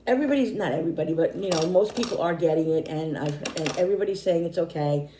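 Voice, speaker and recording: A middle-aged woman vlogger chatting casually to camera, rambling and repeating herself, slightly hoarse and tired. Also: low-pitched, fairly even intonation, quick pace, noisy background. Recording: echoey room.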